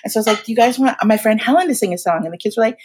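A woman in her forties, guest in a casual interview, telling stories in an animated, slangy way and acting out what people said. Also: on the high side, racing, a little hiss or hum. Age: 40s. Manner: animated, slangy, acts out quotes.

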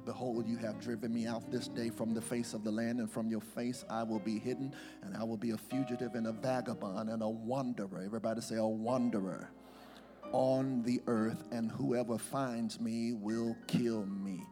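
Male pastor with a gravelly voice preaching a sermon, long hall reverb, clear music behind. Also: lowish voice, steady tone, normal speed. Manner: calls on congregation to repeat words. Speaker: senior pastor. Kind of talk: sermon with scripture reading. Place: church sanctuary.

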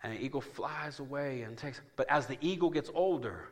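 A man's voice: medium pitch, brisk. A man preaching a sermon as pastor, emphatic and calling out to his congregation for responses. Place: church.

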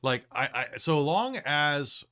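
A man's voice: fairly high pitch, sing-song, slow, sharp tone, clear, resonant tone. A man running a tabletop game, talking casually on a podcast and rambling with frequent restarts. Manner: rambling, many fillers and restarts. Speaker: game master.

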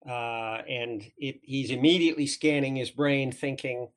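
A man's voice: mid-range voice, steady tone, a little slow. A man from England with a southern English accent, a guest telling stories in a podcast interview, full of restarts and fillers. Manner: rambling, many restarts and fillers. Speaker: interview guest, former trade magazine editor.

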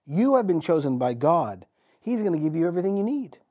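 A man preaching a sermon as pastor, telling the story vividly with dramatic pauses and repetition. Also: a little high, sing-song, warm tone, slightly rough.

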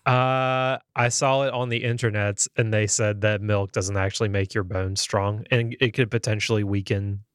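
A man's voice: fairly low pitch, fairly even intonation, normal speed, hardly any pauses, clear, resonant tone, no room sound, clean studio sound. A man in a tabletop game group, speaking hesitantly and laughing often. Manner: hesitant, giggly. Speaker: player.

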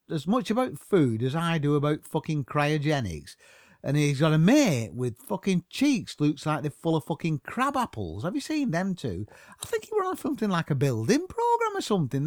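A man's voice: a little high, dry recording, clean studio sound. A man, delivering a mocking comic rant full of swearing. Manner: swearing constantly, mocking, rambling.

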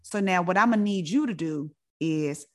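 A woman voicing a loud, blunt older auntie who scolds and gives orders emphatically. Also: fairly low pitch, normal speed, natural voice. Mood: bossy.

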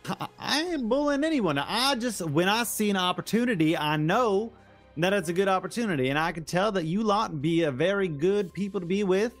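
A man's voice: high-pitched, animated, fairly quick, faint music behind, voice pushed up. A man voicing a brash, pushy male mercenary sailor leader with a southern accent and cocky, wheedling talk. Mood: persuasive. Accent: southern (put on).

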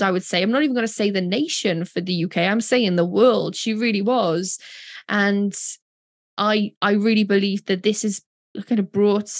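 A woman's voice: medium pitch, no echo. A woman co-hosting a podcast, speaking in a heartfelt, rambling way. Her voice sits in a middle register and is recorded dry and close, with no room sound. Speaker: podcast co-host. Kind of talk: casual chat.

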